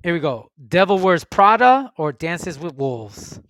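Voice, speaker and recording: A man hosting a casual group chat, briskly calling out movie matchups and tallying everyone's votes. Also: on the high side, sing-song, fairly bright tone, no room sound. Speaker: host running a movie vote.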